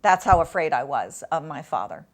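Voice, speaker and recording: A woman guest in an interview, telling a painful personal story in an emotional, halting way with long pauses. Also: low voice, very animated.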